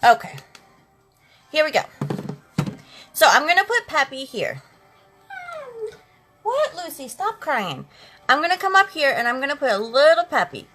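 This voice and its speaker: A woman's voice: sits high, sing-song, unhurried, long pauses, pushed and bright, rough recording. A talkative, sassy woman chatting with viewers during a makeup live stream, calling them girls and honey. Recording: faint music in the background. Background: eighties instrumental music.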